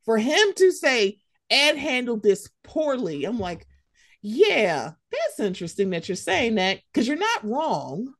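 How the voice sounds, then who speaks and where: A woman co-hosting a podcast, ranting in heated casual commentary, animated and profane. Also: fairly high pitch, a little slow, no room sound, studio quality.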